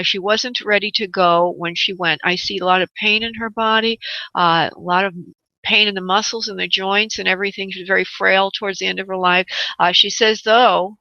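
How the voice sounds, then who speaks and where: A woman psychic medium on a call-in radio show, with a bright, clear-edged voice. She speaks gently and calls her callers honey and love, with frequent uh fillers. The audio is dry and a little dull, like lo-fi web radio. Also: medium pitch, no echo.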